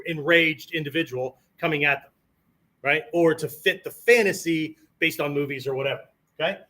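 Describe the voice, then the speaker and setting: A man's voice: on the high side, a bit bright. A male martial arts instructor giving a lecture-style lesson. He keeps checking in with "right?" and "okay?" and sometimes acts out tones of voice. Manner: conversational, peppers sentences with "right?" and "okay?"; demonstrates tones of voice on quoted phrases.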